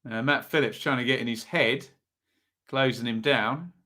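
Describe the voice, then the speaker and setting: With a medium-pitched, pushed and bright voice at a moderate pace, this East Anglian man hosts a live watch-along of a football match. He gives chatty play-by-play and replies to what viewers post in the chat.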